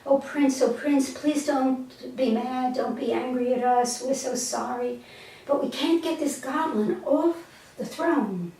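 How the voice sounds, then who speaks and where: A woman's voice: high voice, takes it slowly, warm tone. A woman voicing a group of anxious palace courtiers, pleading and apologetic, recorded from a distance in an echoey room. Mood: worried. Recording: echoey room, mic far off.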